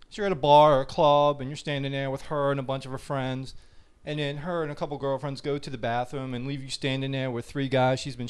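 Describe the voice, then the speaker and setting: A young man performing a stand-up comedy routine, brash and mocking, acting out the voices of the people in his stories. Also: mid-range voice.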